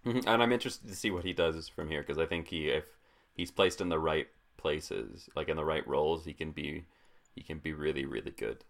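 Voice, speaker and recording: With an extremely low voice, vocal fry, and a slightly fast pace, this podcast co-host in his twenties talks casually about films. His rambling is heavy on fillers, especially "like."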